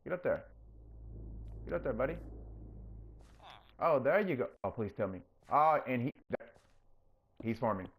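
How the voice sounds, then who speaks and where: A man hosting his own gaming channel, chatting casually through his gameplay and getting openly excited when things work. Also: normal speed, vocal fry, pauses often, slight background noise. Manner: coaxes the game character in a higher, playful voice.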